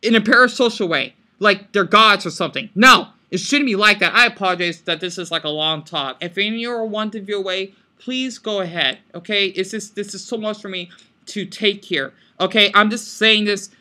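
A man's voice: high-pitched, brisk, pushed and bright. A man talking off the cuff in a vlog, rambling and apologetic, tagging "okay?" and "right?" onto his sentences. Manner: emotional, apologetic, swears when upset. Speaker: vlogger reacting to news. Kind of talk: unscripted rambling commentary.

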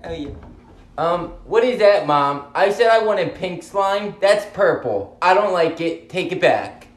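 A man's voice: high-pitched, expressive, unhurried. A man voicing a spoiled, bratty girl pop star who whines, demands, and throws screaming tantrums in a comedy sketch. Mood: whiny, bratty. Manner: whiny, demanding, bursts into shrieking tantrums.

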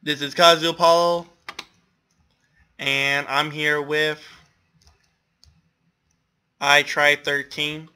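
A man's voice: on the high side, flat delivery, extremely slow, pauses often, sharp tone, clear, resonant tone. A young man giving casual, exclamatory gameplay commentary, groaning at his losses and laughing at himself. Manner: self-deprecating, exclamatory, laughs often. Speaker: gamer commentator.

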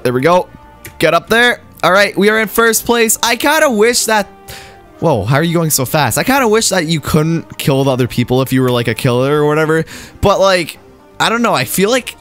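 Young male gaming commentator, high-pitched and excitable, light music bed. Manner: excitable, yelps and laughs at mishaps. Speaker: gaming YouTuber. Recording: faint game music underneath.

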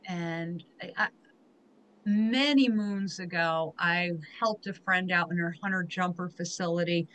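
Female host, bright voice, heartfelt and emotional storyteller. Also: fairly low pitch, a little slow, rough recording. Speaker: podcast host. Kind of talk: conversational interview.

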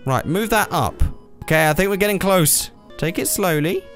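A man giving let's play commentary while he plays a video game, exasperated, swearing, yelping and cheering loudly. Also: high-pitched, expressive, a little slow, faint music behind.

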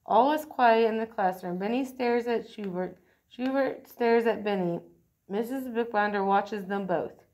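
Lady reading a kids picture book out loud, clear and expressive. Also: fairly high pitch, a little slow. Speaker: storyteller.

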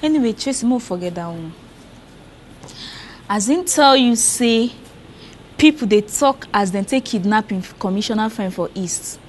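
A woman's voice: mid-range voice, animated, normal speed, pauses often, slight background noise, lightly acted. An actress playing a young Nigerian woman gossiping with her friend in Pidgin. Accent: Nigerian, Pidgin-speaking. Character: admiring young female friend, Sasha.

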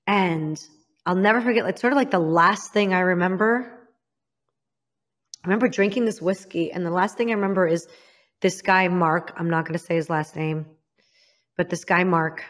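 A woman from Illinois, a guest in an interview, telling a frank personal story and often calling herself out. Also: lowish voice. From Illinois, United States. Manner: frank, self-critical, acts out others' lines.

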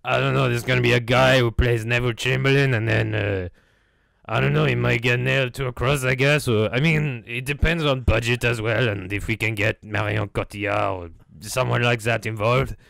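A man's voice: mid-range voice, moderate pace, no room sound. A man playing a rude, hot-headed Belgian film director with a put-on Belgian accent, in a comedy sketch interview. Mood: rambling. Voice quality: creaky, gravelly. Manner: insulting, bickering, excitable.

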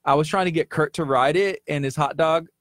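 A man's voice: on the high side, brisk, fairly bright tone, dry recording, clean studio sound. Chatty joking male radio co-host. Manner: joking, teasing, chatty with laughs. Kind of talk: casual radio banter. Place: radio studio. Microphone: studio microphone.

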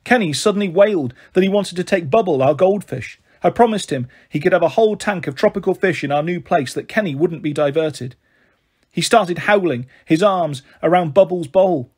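Husky-voiced man reading a novel aloud. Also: sits high, normal speed, a little mellow. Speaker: storyteller.

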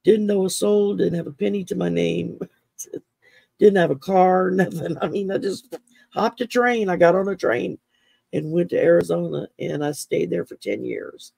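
On the low side and at normal speed, this voice is creaky, mellow and husky, with no room sound. It belongs to a middle-aged podcast host from Texas who chats through a casual interview, sharing personal stories and frequently laughing mid-sentence.

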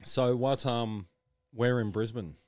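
A man's voice: mid-range voice, slow pace, a little mellow, no room sound. A man hosting a podcast, chatting casually with a guest and making dry jokes. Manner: dry, joking, wraps up the show. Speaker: podcast host. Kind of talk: casual chat.

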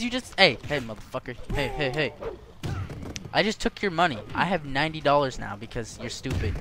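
A man's voice: mid-range voice, lively intonation, a little fast, a little hiss or hum. A young man doing gameplay commentary, cursing and trash-talking the characters on screen. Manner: profane, trash-talking, yelling at game characters. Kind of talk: let's play commentary.

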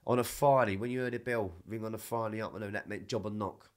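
A man telling rough, animated stories in a casual podcast chat, swearing constantly. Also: lowish voice, fast. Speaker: podcast guest.

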